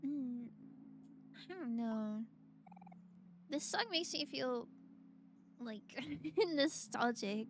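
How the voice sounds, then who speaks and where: A woman's voice: fairly high pitch, drawn-out words, long pauses, slight background noise. A woman streamer giving casual, chatty commentary on a game, laughing often and reading game text aloud. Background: game music.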